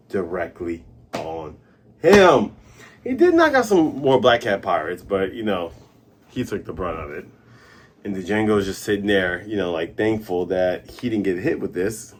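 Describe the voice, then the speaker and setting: A young man hosting a comic review show, casually recapping a chapter and excitedly acting out the characters' lines. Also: fairly low pitch, slightly rough. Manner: excitable, acts out characters' lines in quick voices. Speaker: manga review host.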